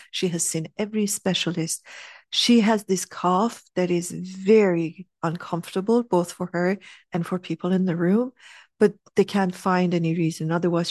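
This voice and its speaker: A middle-aged woman telling a heartfelt personal story, earnest and animated, sometimes dropping to a soft hush. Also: lowish voice, no room sound, studio quality. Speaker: speaker sharing a personal story.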